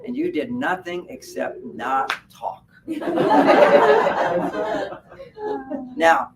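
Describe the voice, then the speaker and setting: A man giving a live talk at a fair, animated and laughing at his own points as he acts out little quotes. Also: on the high side, slow, gravelly. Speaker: speaker at a wellness fair. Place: event room at a hotel fair. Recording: distant mic with faint background noise.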